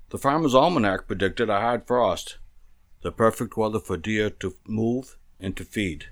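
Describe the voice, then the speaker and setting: A man reading aloud a memoir about his own family, telling it in a measured, plain storytelling manner. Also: lowish voice.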